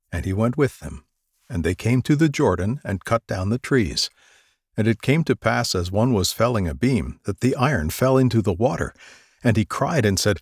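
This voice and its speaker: A man reading a scripture passage aloud in a measured, expressive way. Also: lowish voice, breathy edge, dry recording, studio quality. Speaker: scripture reader.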